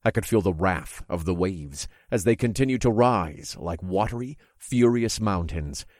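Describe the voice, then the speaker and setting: A man reading a first-person fantasy story in a steady, descriptive way. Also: low voice, unhurried, no echo, studio quality. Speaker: narrator.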